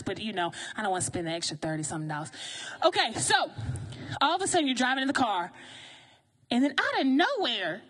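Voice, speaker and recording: A woman preaching a sermon in a lively, conversational way, often asking the congregation questions. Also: high-pitched.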